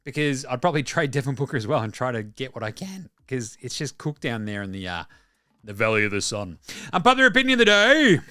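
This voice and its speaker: A man's voice: mid-range voice, fairly quick, fairly bright tone, no echo, studio quality. An Australian man hosting a basketball podcast, talking in rambling, blunt, sweary casual commentary. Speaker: podcast host.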